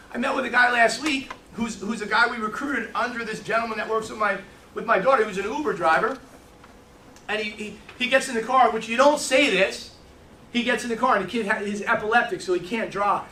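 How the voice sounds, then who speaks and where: Leading a live sales training in a meeting room, a man fires questions at his audience and spins brash, joking stories. His voice sits high and bright. A far-off mic captures him in an echoey room, with slight background noise.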